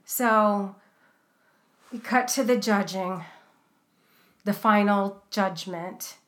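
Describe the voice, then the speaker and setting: A woman's voice: mid-range voice, drawn-out words, fairly bright tone. A woman co-hosting a podcast, chatting casually and recapping a TV cooking show, with many fillers and restarts. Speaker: podcast co-host.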